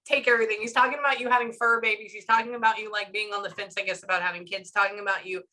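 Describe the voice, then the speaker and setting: Bright, chatty woman giving a reading. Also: medium pitch, very fast, low-quality recording. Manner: chatty, animated, stops herself with frequent asides. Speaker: psychic medium. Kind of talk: casual reading session with a client.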